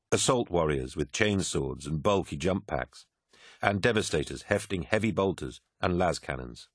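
A man narrating an audiobook in a measured, grave manner. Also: deep voice, no room sound, studio quality.

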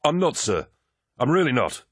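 A man's voice: medium pitch, very animated, moderate pace, slightly rough, no room sound, studio quality, voice pushed up. A man voicing a nervous, worn-out army officer who speaks through a mask with ragged, pained breathing. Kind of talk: audiobook character voice.

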